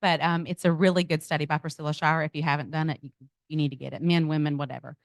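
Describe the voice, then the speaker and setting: A middle-aged woman giving a lively personal testimony to a group, speaking to them directly. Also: low voice, racing, dry recording. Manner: animated storytelling, addresses audience as y'all. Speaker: speaker at a business event. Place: event venue.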